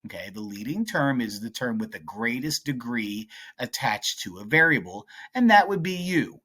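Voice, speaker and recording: Lively, playful math teacher, a man. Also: medium pitch, moderate pace, husky. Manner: playful, chatty, animated. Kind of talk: casual whiteboard tutorial.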